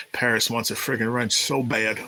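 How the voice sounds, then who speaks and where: A man's voice: medium pitch, sharp tone, poor audio. A man hosting a live stream, chatting casually with viewers, telling rambling, profane stories about his days as a restaurant cook. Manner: rambling, profane, reads chat aloud. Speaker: livestream host. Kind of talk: casual live chat storytelling.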